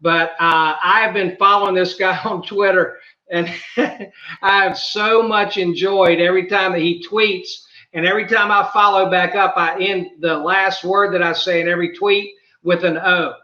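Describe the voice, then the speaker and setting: A man with a Southern drawl hosts a casual podcast interview, his voice high and bright. He talks in a folksy way, filling pauses with "uh". The sound is muffled and bounces around an echoey room. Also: fairly even intonation. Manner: folksy, lots of "uh" fillers. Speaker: podcast host.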